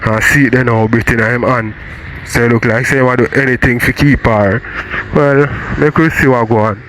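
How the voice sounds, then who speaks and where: A Jamaican man hosts a gossip vlog in casual patois, speaking straight to his audience. His delivery is laid-back and mid-pitched. A faint noise sits behind the voice. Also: steady tone, normal speed. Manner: laid-back, addresses viewers directly. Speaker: vlog host.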